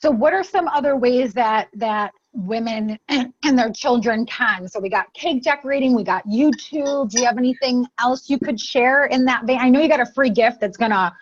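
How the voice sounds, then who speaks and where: A woman's voice: fairly high pitch, normal speed, hardly any pauses. A woman hosting a conversational interview, speaking in an encouraging, supportive way. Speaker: host. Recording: dull lo-fi sound.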